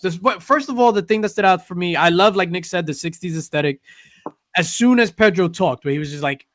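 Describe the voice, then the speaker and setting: A man on a pop culture talk panel, talking loosely with slang and jokes in casual chat. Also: sits high. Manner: loose, jokey slang, clowns around with bits.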